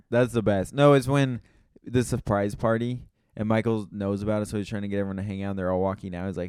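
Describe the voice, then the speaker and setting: A man co-hosting a casual comedy podcast, telling animated stories and swearing casually. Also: lowish voice, fast talker, few pauses, clean tone, no room sound, studio quality. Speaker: podcast co-host.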